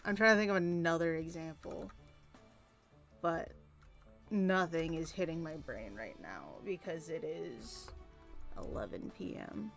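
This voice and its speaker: Drawing as she talks, this young woman streamer vents and rambles with plenty of casual swearing. She has a low, creaky voice with lively intonation, a measured pace, and frequent pauses, and soft music plays behind her.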